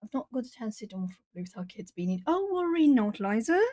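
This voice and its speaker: A woman's voice: fairly high pitch, big pitch swings, fairly quick, dark tone, dry recording. Chatty Brazilian-born woman, dry close mic. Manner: chatty, laughs often, reads out and answers viewer comments. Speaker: artist streamer. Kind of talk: casual live-stream chat while colouring.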